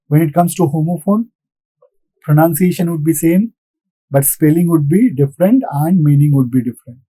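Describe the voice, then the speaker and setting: A man's voice: fairly high pitch, dark tone, husky, dry recording, rough recording. A man giving a recorded lesson, patiently repeating points and answering his own questions. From India. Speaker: English lecturer. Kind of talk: recorded classroom lecture.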